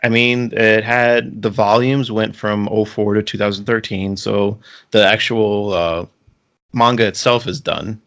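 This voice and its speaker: A man with a fairly low voice talks loosely as a podcast co-host. He wanders through his points, restarting sentences and leaning on filler words. The tone is relaxed, casual chat. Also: unhurried. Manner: rambling, many restarts and "like" fillers.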